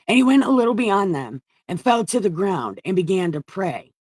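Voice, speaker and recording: A woman's voice: medium pitch, sing-song, moderate pace, hardly any pauses, a little mellow, breathy edge, no echo, studio quality. A woman hosting a comedic Bible reading, paraphrasing with profane jokes. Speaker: host reading the Bible aloud.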